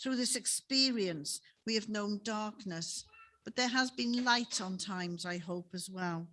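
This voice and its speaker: A woman's voice: medium pitch, unhurried, sharp tone. Woman preaching in a chapel. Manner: conversational storytelling with tag questions. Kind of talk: sermon.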